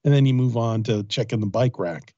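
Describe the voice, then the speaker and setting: A man co-hosting a podcast, telling jokes in casual comedic banter with a husky voice. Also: medium pitch, a little fast, no echo, dull audio. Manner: joking, animated storytelling. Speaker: podcast co-host.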